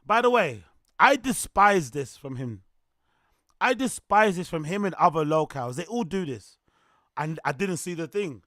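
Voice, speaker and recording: A man hosts a casual reaction stream, excitable and rambling, often breaking into laughter. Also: on the high side, measured pace, no echo, studio quality. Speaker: streamer host.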